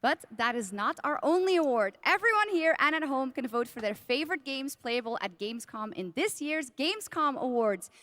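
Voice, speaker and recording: Bright, high female presenter, dry sound. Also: lively intonation, moderate pace, hardly any pauses, dry recording. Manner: upbeat announcer delivery. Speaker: show co-presenter. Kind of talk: scripted broadcast presenting.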